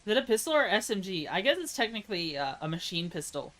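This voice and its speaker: A woman's voice: medium pitch, big pitch swings, fast talker, a bit bright, low-quality recording. A woman with an American accent chatting casually on a live stream, reading chat aloud. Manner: chatty, reads chat aloud, laughs at own jokes; tries mock German accent voices.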